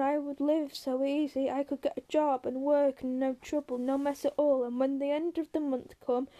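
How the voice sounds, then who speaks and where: A woman voicing a short-tempered male ranch worker who scolds his companion in a gruff way. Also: high-pitched, dark tone, lightly acted.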